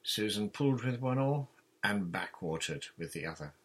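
Husky low-voiced male storyteller. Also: animated, normal speed. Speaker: audiobook reader. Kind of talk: storybook narration.

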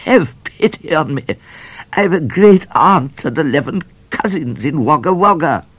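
A man's voice: a little high, animated, unhurried, a bit bright, breathy edge, dry recording, voice pushed up, full character voice. A man voicing a pompous, bad-tempered male judge who turns cowardly under threat. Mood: pleading. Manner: blustering.

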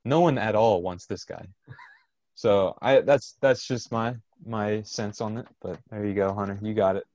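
A man co-hosting a casual sports talk show, frustrated and halting, with frequent restarts. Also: fairly low pitch, darkish tone, no echo, lo-fi sound.

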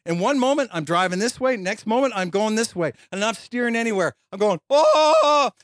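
A man preaching a sermon as a lively storyteller, acting out quoted voices and laughing as he tells a personal story. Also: sits high, fast, dry recording, studio quality. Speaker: pastor.

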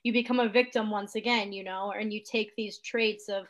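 A woman's voice: medium pitch, little pitch movement, brisk, few pauses. A woman panelist speaking earnestly in a casual discussion, filling her talk with "you know".

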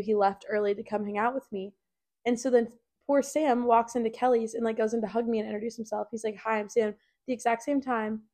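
A young woman in her twenties co-hosts a podcast, her voice fairly high and a little mellow. She tells stories in a chatty, casual way, packed with fillers.

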